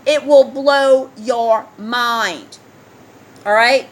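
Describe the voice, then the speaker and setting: A woman's voice: sits high, moderate pace, fairly bright tone, slight background noise. A woman in a heated, ranting solo commentary, reading news aloud and firing rhetorical questions at her listeners.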